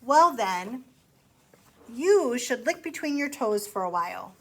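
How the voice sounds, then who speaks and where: A woman's voice: fairly high pitch, big pitch swings, slow, low-quality recording. A woman reading a picture book aloud to children in a sing-song way, stopping to ask them questions. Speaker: storytime reader.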